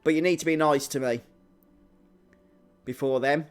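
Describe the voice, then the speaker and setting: A young man from Birmingham talks through his game stream in a broad Brummie accent, his voice pitched a little high. He chats easily with viewers and laughs at himself, with quiet game music faintly audible behind him. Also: steady tone, moderate pace, clear, resonant tone. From England. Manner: chatty, reads and answers chat viewers; self-deprecating, laughs often. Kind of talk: live stream game commentary.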